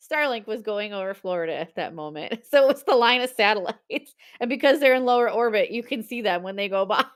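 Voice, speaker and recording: A woman's voice: medium pitch, animated, fairly quick, few pauses, clean tone. A woman in her forties hosting a live-stream sale, chatting casually, telling stories with frequent laughter and reading out viewer comments.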